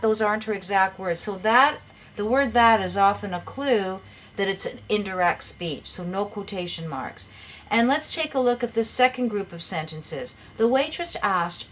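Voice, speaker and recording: A woman's voice: medium pitch, a bit bright. A middle-aged woman teaching an English grammar lesson, explaining patiently and sometimes repeating words as she goes.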